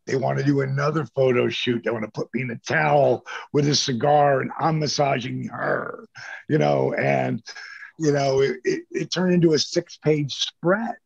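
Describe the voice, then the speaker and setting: Gravelly man telling stories. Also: medium pitch, normal speed, no echo, lo-fi sound. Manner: animated storyteller, acts out quoted voices, swears casually. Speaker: interview guest, former pro wrestler. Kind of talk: casual storytelling interview.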